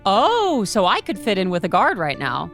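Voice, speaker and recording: A woman's voice: medium pitch, huge pitch swings, moderate pace, creaky, fairly bright tone, soft background music. A woman, playing a tabletop game in a chatty, laughing, playfully bluffing way. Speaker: player.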